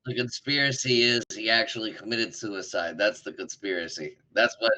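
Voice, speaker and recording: A man's voice: lowish voice, normal speed, pushed and bright, low-quality recording. A man co-hosting a casual podcast, teasing and wry, laughing along with his partner. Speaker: podcast co-host.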